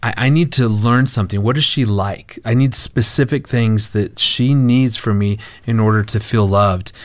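A middle-aged man, a marriage counselor guest, telling a family story in casual talk, animated with halting restarts. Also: lowish voice.

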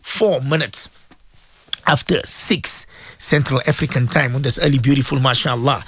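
A man's voice: mid-range voice, normal speed, fairly bright tone, slightly rough, no room sound. A man hosting a morning radio show, talking in an emphatic, repetitive, preachy way. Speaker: radio host.

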